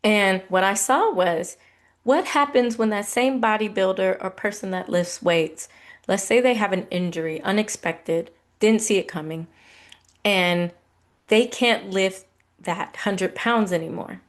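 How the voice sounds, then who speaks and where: A woman in her thirties, a podcast host, casually telling a personal faith story in a conversational, animated way. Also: medium pitch, a little slow. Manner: conversational, animated retelling with laughs.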